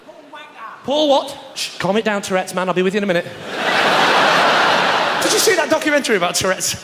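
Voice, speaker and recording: A man doing live stand-up comedy, telling a sarcastic story in an animated way with shouted punchlines. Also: sits high, racing. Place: large theatre stage with audience. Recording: live hall recording with reverb and crowd noise.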